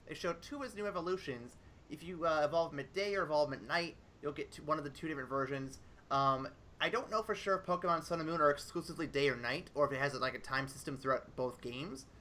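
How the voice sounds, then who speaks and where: A man's voice: on the high side, sharp tone, slight background noise. A man hosting a podcast, running through game news in a loose, profane way with frequent ums and laughs. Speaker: podcast host. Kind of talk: casual podcast chat.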